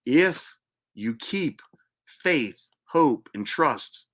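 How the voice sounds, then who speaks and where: A man hosting his own show, preaching in a slow, repetitive, emphatic cadence. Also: medium pitch, expressive, a bit bright. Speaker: host. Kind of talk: preaching monologue.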